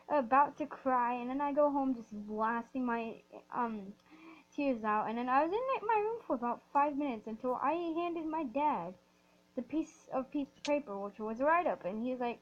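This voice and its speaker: High-pitched girl telling a story while gaming, keeps restarting, kinda muffled audio. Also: moderate pace. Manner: rambling, restarting, excitable. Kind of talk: storytime over gameplay.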